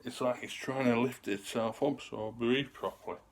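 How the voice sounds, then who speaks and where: A man's voice: mid-range voice, fairly even intonation, moderate pace. A man, rambling in a loose, chatty way to camera and sometimes getting out of breath. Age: 30s. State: out of breath at times. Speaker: vlogger. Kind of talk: casual talk to camera.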